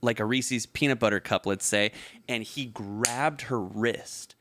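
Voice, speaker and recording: A man's voice: unhurried, slight background noise. A man in his thirties, co-host of a podcast, telling a story in casual chat and acting out the quotes with big jumps in voice. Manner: animated, acts out quotes with big pitch jumps.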